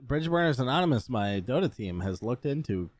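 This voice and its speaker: A man's voice: mid-range voice, sing-song, fairly quick. A man co-hosting a gaming podcast, bantering with wry jokes. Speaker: podcast co-host. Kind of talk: casual podcast chat.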